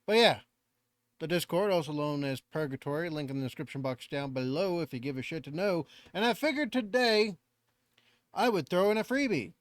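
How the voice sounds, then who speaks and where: A Northern California native with an acquired Southern accent hosts a reaction channel, talking briskly in a fairly high voice. He is rambling and self-deprecating, cursing casually, and the sound is dry and studio-clean.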